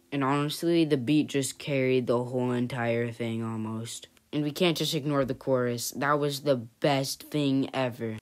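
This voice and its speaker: A chatty vlog host with a mid-range voice, neither high nor low. The talk is loose and offhand, full of "and yeah" and "honestly" as it rambles through a casual recap. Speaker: channel host.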